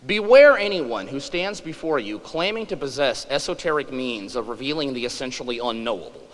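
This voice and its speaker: A man's voice: medium pitch, expressive, fairly quick, fairly bright tone, in a large hall, low-quality recording. A man in his forties giving a humorous public lecture, wry and self-deprecating. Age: 40s.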